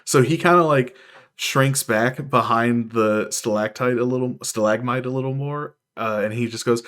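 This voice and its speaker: Man, game master, tabletop narration, loose, lots of fillers, mid-pitched voice. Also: normal speed, fairly bright tone.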